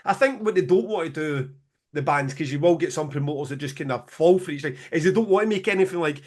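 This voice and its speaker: A middle-aged Scottish man, a music promoter co-hosting a podcast, telling sweary, animated stories and laughing through them. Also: fairly high pitch, fast. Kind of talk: casual storytelling chat.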